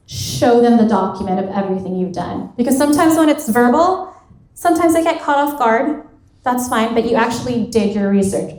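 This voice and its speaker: A woman in her thirties leads a live motivational workshop, her voice sitting a little high and ringing around a roomy hall. She talks casually and fills her sentences with "like", slipping into quoted bits of dialogue as she coaches. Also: fairly quick, darkish tone. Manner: conversational, peppered with "like", acts out quoted dialogue. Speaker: career coach giving a workshop talk. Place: event hall at a women's retreat.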